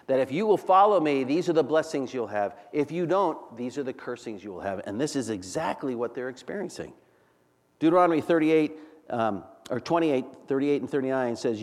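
A man preaching a Bible teaching, earnest and explanatory, often letting phrases fall soft and low. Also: big-room sound.

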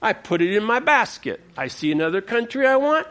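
A male preacher playing a boastful ancient king who brags like a child, quick and gloating. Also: high voice, sing-song, fairly bright tone.

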